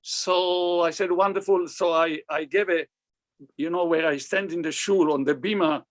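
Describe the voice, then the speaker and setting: A man's voice: fairly high pitch, moderate pace. An older man, a cantor, recounting anecdotes in an interview, acting out the dialogue he quotes. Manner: animated, acts out quoted dialogue. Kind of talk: anecdotal storytelling.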